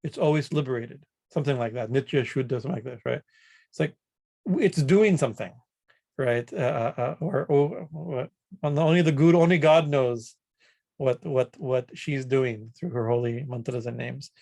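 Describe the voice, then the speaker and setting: A man's voice: medium pitch, normal speed, gravelly, a little mellow. A man, a swami, giving an informal scripture lecture over a video call, often checking in with "right?" and restarting his sentences. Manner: conversational, tags points with "right?", frequent restarts. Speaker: swami teaching a scripture class.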